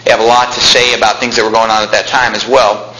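Male preacher, bright ringing voice, fiery delivery, roomy church echo. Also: on the low side, little pitch movement, quick pace. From California. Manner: impassioned, shouting at peaks. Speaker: pastor. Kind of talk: sermon. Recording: echoey room with faint ambience.

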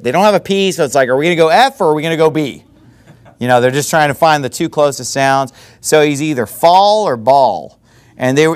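Male pastor, sermon delivery, lively swooping pitch, chatty and self-correcting. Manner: conversational with quick asides and self-corrections.

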